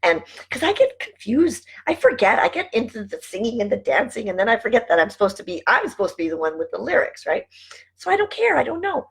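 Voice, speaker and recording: A woman's voice: mid-range voice, sing-song, fast, hardly any pauses, fairly bright tone, husky, rough recording. A middle-aged woman talking casually to camera, chatty and rambling, laughing often as she goes off on asides. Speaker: vlogger and network marketing team leader.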